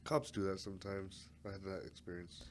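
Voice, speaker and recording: A man's voice: low-pitched, flat delivery, brisk. A man hosting a casual podcast chat, laid-back, laughing often and swearing casually. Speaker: podcast host.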